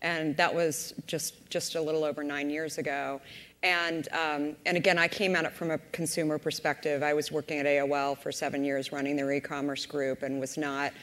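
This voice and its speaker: A woman with a low voice recounts how her company began, animating the conversations she quotes. The sound carries a long reverberant tail from a conference hall. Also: moderate pace. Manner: lively retelling, acting out quoted voices. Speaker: company founder on a panel. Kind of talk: storytelling at a panel discussion. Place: conference stage.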